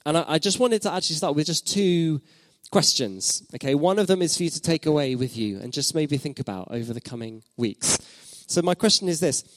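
A man's voice: fairly high pitch, lively intonation, fairly quick, hardly any pauses, no echo. Reflective male pastor preaching. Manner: reflective, repeats phrases for emphasis, asks the listeners questions. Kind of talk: sermon.

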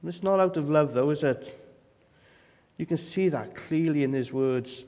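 A man's voice: a little high, moderate pace, mellow. Male preacher, emphatic, asks rhetorical questions, voice rings in a long-reverb hall. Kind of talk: sermon.

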